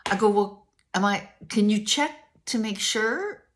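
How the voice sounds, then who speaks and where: An older woman telling a story in a casual, animated way, acting out both sides of a conversation. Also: mid-range voice, unhurried. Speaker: vlogger.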